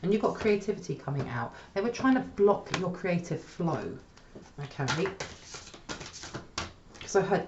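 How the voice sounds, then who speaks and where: A woman's voice: on the low side, expressive, a little slow, pauses often, roomy sound, highs cut off, noisy background. A woman giving a casual spoken tarot reading, chatty and often checking in with "okay?". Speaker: tarot reader.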